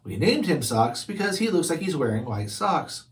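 A worried little girl with a lifted, pleading voice, as a man reads her aloud. She sounds earnest and childlike, clinging to hope for her kitten in a storybook. The voice sits a bit high. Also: big pitch swings, normal speed. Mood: eager. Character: tearful anxious little girl, kitten's young owner. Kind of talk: children's book read-aloud.

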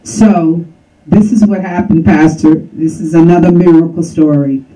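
Woman telling a lively testimony. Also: on the low side, moderate pace, far from the mic, low-quality recording. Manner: lively, acts out dialogue and laughs often. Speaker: guest telling her testimony. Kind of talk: animated storytelling with quoted dialogue.

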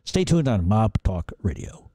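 A man's voice: on the low side, big pitch swings, measured pace, very noisy. A man from Providence hosting a podcast in a casual monologue, profane and rambling, often restarting his sentences. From Providence, Rhode Island. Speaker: podcast host.

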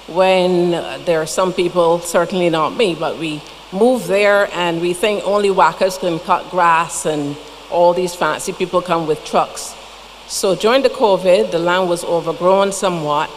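A woman's voice: fairly low pitch, measured pace. A woman with a Barbadian accent giving a funeral tribute in a church, telling folksy stories with chatty asides. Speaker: eulogy speaker. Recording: long church reverb, faint noise.

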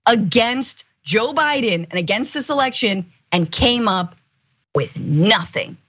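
A woman co-hosting a political commentary show, animated, indignant and sarcastic. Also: on the high side, takes it slowly, husky, muffled recording. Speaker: co-host.

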